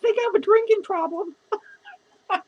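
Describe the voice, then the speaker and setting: A woman's voice: extremely high pitch, a little slow, highs cut off. Woman playing a drunk, lonely clown lady. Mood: drunk rambling. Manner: rambling, profane, giggly. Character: drunk, lonely, foul-mouthed female clown. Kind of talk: rambling character vlog.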